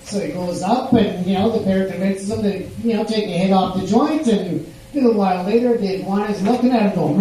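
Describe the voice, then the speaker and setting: A man's voice: high voice, a little fast, very echoey, far from the mic, slight background noise, rough recording. Rambling older man on a pub stage. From Canada. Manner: rambling deadpan delivery with many fillers. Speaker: stand-up comedian. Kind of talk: stand-up set.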